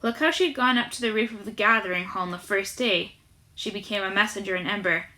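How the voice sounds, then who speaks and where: A woman narrating a children's novel aloud as an audiobook, in a lively, expressive storytelling manner. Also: medium pitch, brisk. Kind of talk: audiobook reading.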